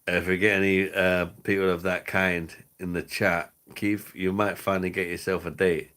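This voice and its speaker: A man's voice: sits low, level tone, normal speed, a bit bright. A man hosting a live stream, reading out chat comments in crude, sweary banter and laughing often. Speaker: livestream host.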